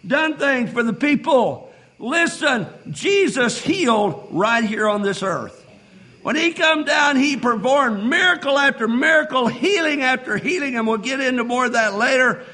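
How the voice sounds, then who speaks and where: A man preaching a sermon, reading old-style scripture and building to shouted fervor. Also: extremely high pitch, lively intonation, measured pace, rough recording. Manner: reads King James scripture aloud.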